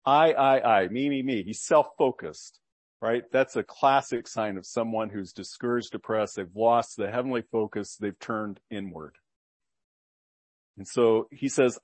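Man, preacher, sermon, reads scripture then explains it, earnest rhetorical questions, medium pitch, dry close sound. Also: normal speed, dry recording.

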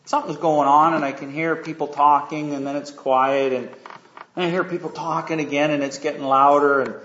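A man with a slightly high, somewhat bright voice preaches a sermon briskly, with fairly even intonation. He tells a story conversationally, throws questions at the listeners, and uses lots of fillers. The recording sounds lo-fi and dull, in an echoey room.

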